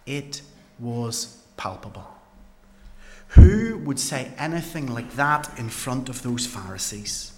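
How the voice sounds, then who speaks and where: A man's voice: medium pitch, slight background noise. A man telling the story as an awed paralysed man. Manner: slow, earnest storytelling with dramatic pauses. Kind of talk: dramatic first-person Bible monologue.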